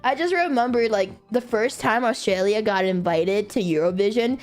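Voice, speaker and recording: Giggly, animated woman streamer. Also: a little high, normal speed, faint music behind. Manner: giggly, animated, swears casually, laughs often. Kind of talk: casual livestream chat.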